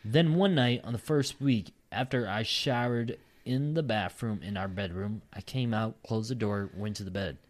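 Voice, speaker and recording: Low-voiced man reading stories, swearing. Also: normal speed, few pauses. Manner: profane, laughing asides between read lines. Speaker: podcast host reading listener stories. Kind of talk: casual podcast chat, reading aloud.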